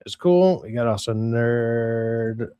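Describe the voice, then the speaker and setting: A man's voice: mid-range voice, expressive, slow pace, mellow, clean tone, dry recording. A man hosting a live stream in casual, profane, joking chat. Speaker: stream host.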